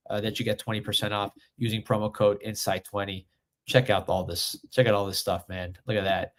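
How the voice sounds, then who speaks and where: A man hosting a live sports recruiting show, talking casually and excitedly, reading viewer comments and rankings aloud with plenty of fillers. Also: fairly low pitch. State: a little out of breath. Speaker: sports recruiting livestream host.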